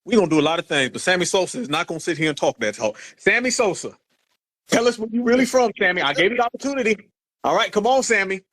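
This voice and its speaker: A man hosting a heated live audio chat, loudly mocking and ordering callers around. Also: sits high, expressive, fast. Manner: loud, mocking, commanding, drawls for emphasis. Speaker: host.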